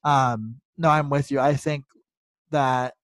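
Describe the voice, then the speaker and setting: A man's voice: medium pitch, steady tone, slow, no echo. A man co-hosting a podcast, talking hockey in a laid-back, joking way, hedging with "I feel like.". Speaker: podcast co-host. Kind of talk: casual sports chat.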